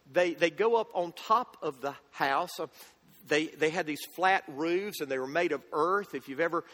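A man, a pastor, preaching an earnest sermon that swings between loud and hushed, often restarting his words. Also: sits high. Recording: echoey hall with long reverb.

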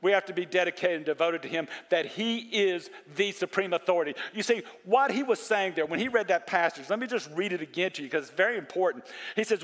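A man preaching a sermon, animated, quoting scripture and asking his congregation questions. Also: sits high, brisk, big-room sound. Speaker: pastor.

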